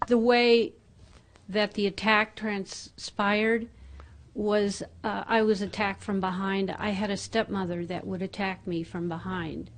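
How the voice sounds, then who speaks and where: A woman from the congregation giving a personal testimony in a halting, hesitant way. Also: medium pitch, flat delivery, slight background noise. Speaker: congregation member.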